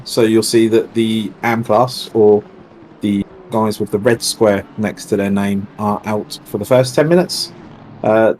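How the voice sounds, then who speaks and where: A man with a lowish voice talks through the race format on a live stream. He sounds chatty and explanatory, with a light teasing edge. Faint noise sits behind him. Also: darkish tone. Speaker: race series organiser co-commentator. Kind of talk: casual live-stream commentary chat.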